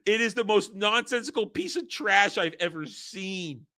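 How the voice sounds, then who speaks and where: A man hosting a casual vlog, ranting about a movie in an animated, exasperated way. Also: sits high, normal speed. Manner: animated, exasperated, acts out scenes. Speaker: host.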